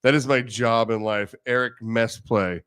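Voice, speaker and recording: A man's voice: mid-range voice, fairly even intonation, unhurried, clean tone. A man hosting a podcast, swearing a lot and laughing through his stories in casual chat. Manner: profane, loud storytelling with frequent laughter. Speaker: podcast host.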